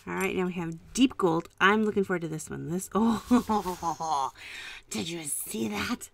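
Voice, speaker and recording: A woman hosting a casual live stream at home, chatting and musing aloud while she paints, with soft trailing asides. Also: lowish voice, a little slow, creaky. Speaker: art channel host.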